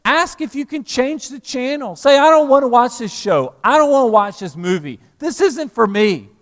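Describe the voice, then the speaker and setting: Lively preacher in echoing church. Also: male voice. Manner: animated preaching, rising to loud emphasis then dropping low. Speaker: pastor. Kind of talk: sermon. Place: church sanctuary. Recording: long hall reverb in church.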